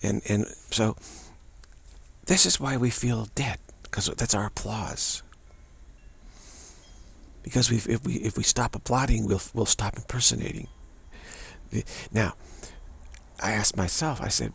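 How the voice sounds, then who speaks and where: A man giving a reflective spiritual monologue as a teacher, speaking haltingly and often repeating words and restarting. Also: lowish voice, creaky, fairly bright tone, slightly rough.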